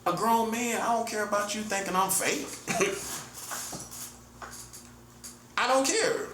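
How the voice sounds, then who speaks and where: Chuckling between points, a defiant self-styled prophet streamer in his forties taunts his listener in a solo monologue, returning again and again to "listen, buddy." He speaks fairly quickly in a high voice. There's a roomy echo and faint room noise.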